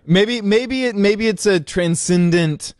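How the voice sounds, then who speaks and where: A man's voice: high-pitched, slow pace, no echo, clean studio sound. A man co-hosting a casual comedy commentary on a video, riffing and joking. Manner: jokey, giggly, riffing. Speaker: co-host.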